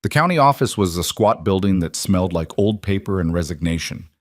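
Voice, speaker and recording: A man narrating a scripted story in an even, measured way. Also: low voice, no room sound, studio quality.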